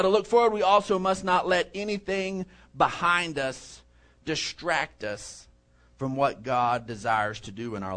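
A man's voice: high voice, fairly bright tone. A middle-aged man, preaching a conversational sermon and telling stories. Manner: conversational preaching with storytelling asides. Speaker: pastor.

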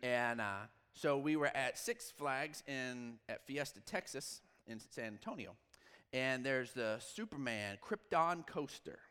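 A man in his forties, a pastor telling a long personal story in a sermon, shifting from lively quoted dialogue to hushed asides. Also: mid-range voice, unhurried, clear, resonant tone. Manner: storytelling, animated with quoted dialogue and sudden drops to quiet. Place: church sanctuary. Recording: long reverb of a large church hall.

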